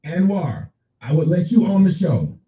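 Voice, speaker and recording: Animated profane man in an echoey room. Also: sits high, normal speed, recorded from a distance. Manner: animated, profane, addresses chatters by name. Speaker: livestream host reading viewer chat. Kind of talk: casual unscripted livestream talk. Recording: echoey room, off-mic, dull lo-fi sound.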